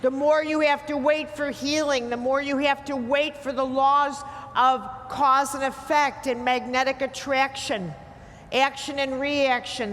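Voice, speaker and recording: A woman's voice: sits high, slight background noise. A woman giving a blunt, emphatic talk to a live audience, teasing her listeners as she lectures. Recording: hall reverb with faint ambience.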